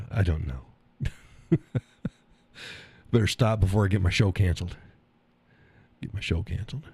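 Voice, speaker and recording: A man's voice: low-pitched, dark tone, slightly rough. A man in his sixties hosting a live stream, tired, crude and rambling as he reads chat aloud and laughs often.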